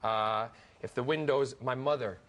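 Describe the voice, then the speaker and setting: A man's voice: medium pitch, moderate pace, fairly bright tone. An enthusiastic man chatting on a shopping show. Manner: enthusiastic, playful. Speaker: celebrity guest on home shopping. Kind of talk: casual chat.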